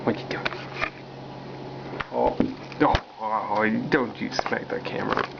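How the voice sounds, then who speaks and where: Man teasing his cat on slow home video. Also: lowish voice, fairly even intonation, vocal fry. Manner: playful, teasing, mock-dramatic. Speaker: cat owner filming his pet. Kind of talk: casual teasing narration to a pet. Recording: dull, noisy home camcorder audio.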